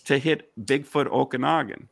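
A man's voice: medium pitch, steady tone, normal speed, creaky, no echo. A man in a heated online panel discussion, arguing insistently and firing off rhetorical questions.

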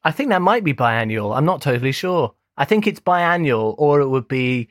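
A man co-hosting a casual podcast, talking in an animated, enthusiastic way. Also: medium pitch, moderate pace, no room sound, studio quality. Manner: animated, enthusiastic, laughs often. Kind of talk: casual chat.

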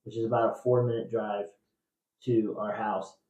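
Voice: medium pitch, flat delivery, moderate pace. A trivia podcast host from Indiana, chatting casually and telling rambling, laughing stories. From Indiana, USA. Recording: dull, roomy, distant mic.

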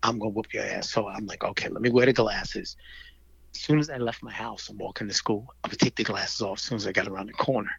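Middle-aged man, gravelly, husky voice, animated storyteller who acts out voices, slightly dull recording. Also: lowish voice, fast, no echo. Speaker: guest storyteller. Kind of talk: casual storytelling in conversation.

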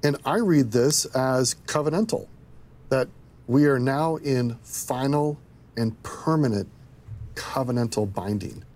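Husky guy explaining bible verses, earnest and steady. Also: medium pitch, slow. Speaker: scripture teacher. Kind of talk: scripture discussion.

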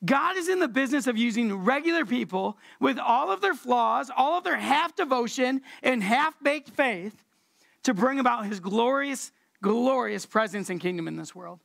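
A woman preacher giving a casual, conversational sermon, relaxed and slangy, repeating words for emphasis. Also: a little high, moderate pace, gravelly.

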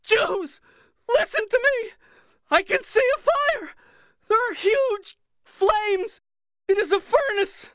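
A man's voice: lively intonation, slow, long pauses, a bit bright, dry recording, studio quality, full character voice. A man voicing a frantic woman who screams, half mad, about a fire she sees. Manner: shrill, frantic shrieking.

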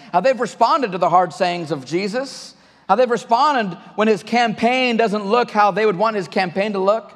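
A male pastor preaching a conversational sermon to his church, often restarting and repeating words. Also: high voice. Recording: long hall reverb.

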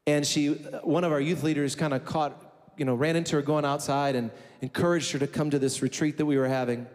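A man's voice: a little high, steady tone, brisk. A man preaching a sermon as pastor, telling a story emphatically and building to fervent declarations. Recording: echoey hall with soft music.

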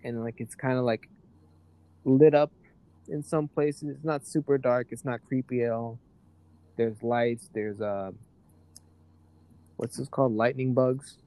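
A man's voice: mid-range voice, steady tone, a little slow, pauses often, warm tone. A man narrating a tabletop role-playing game as game master, loose and rambling with many fillers.

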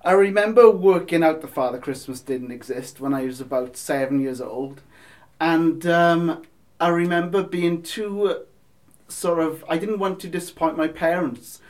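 A man's voice: a little high, moderate pace, a little mellow. A man in a band, chatting casually in an interview, rambling with restarts. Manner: rambling, many restarts and fillers. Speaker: band member guest.

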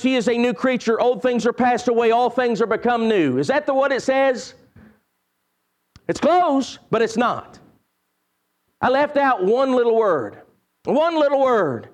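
A man preaching a sermon to his church as pastor, emphatic and repetitive, swinging between soaring lines and sudden quiet drops. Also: extremely high pitch.

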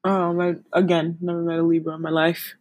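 A woman's voice: fairly low pitch, little pitch movement, fairly quick, darkish tone, no room sound. A young woman, a podcast co-host chatting casually and telling stories, with many giggles and a lot of "like.". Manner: giggly, storytelling with lots of "like". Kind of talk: casual chat.

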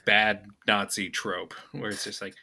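A man co-hosting a podcast in casual chat, animated and laughing often. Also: on the low side, measured pace. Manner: animated, laughs often, yells in mock outrage. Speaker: podcast co-host.

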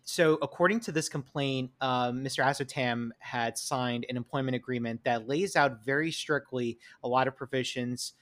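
A man with a New York accent talks through a legal topic as a podcast co-host, unpacking details and dropping the odd pun. His voice sits in an ordinary middle pitch, and he reads quoted passages in a measured way. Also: a bit bright. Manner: punning, explanatory, reads quotes aloud. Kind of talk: casual legal chat.

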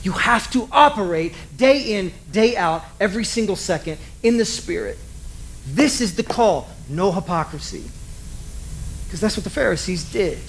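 A man's voice: sits high, animated, moderate pace, a little hiss or hum, rough recording. A man preaching a sermon as a pastor, talking animatedly and acting out little asides.

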